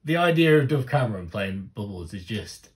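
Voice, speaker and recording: A man, gushing and swearing freely in casual reaction commentary, breaking into loud exclamations. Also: on the low side, sing-song, normal speed. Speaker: music reaction host.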